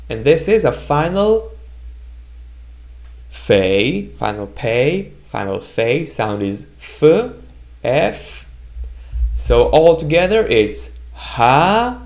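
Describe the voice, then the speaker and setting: Male language teacher, unhurried delivery, expressive rise and fall, repeats sounds for learners to echo. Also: mid-range voice. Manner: repeats sounds slowly for the learner to echo, often checks with "right?". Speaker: Hebrew teacher. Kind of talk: slow, patient language lesson.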